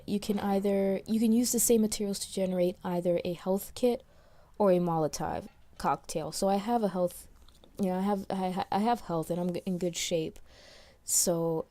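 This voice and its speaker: A woman's voice: mid-range voice, mellow. A woman from New York with a slight New York accent, giving casual, rambling let's play commentary recorded after playing. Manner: chatty, rambling, many restarts and fillers.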